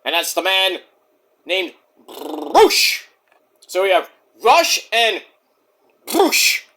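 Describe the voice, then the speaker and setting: A man's voice: high voice, unhurried, sharp tone, a little hiss or hum. A man casually recapping wrestling shows in a rambling, joking, profane way. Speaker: wrestling show reviewer.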